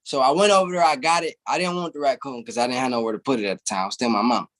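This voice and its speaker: Telling a long story as an interview guest, a young man is casual and animated, laughing and cursing freely as he goes. He talks rapid-fire in a medium-pitched, slightly bright voice.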